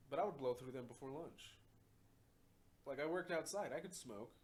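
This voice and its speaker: A man's voice: mid-range voice, moderate pace. A man hosting a podcast in casual chat, telling rambling, profane stories and often laughing at his own jokes. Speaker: podcast host.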